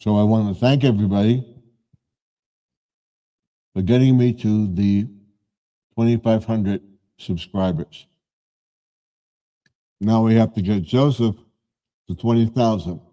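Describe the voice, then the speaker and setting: A man's voice: lowish voice, a little slow, pauses often, warm tone. A man in his seventies hosting a live stream, chatting casually in a rambling way and often correcting himself.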